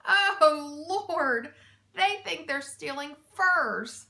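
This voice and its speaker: A woman reading aloud, voicing a calm adult male truck driver in a children's storybook. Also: on the high side, normal speed. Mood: laughing. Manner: calm, then laughing hard.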